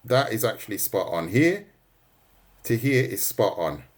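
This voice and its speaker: A man's voice: lowish voice, big pitch swings, unhurried. A man giving a casual, joking drawing lesson on a livestream, teasing his viewers. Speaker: art teacher.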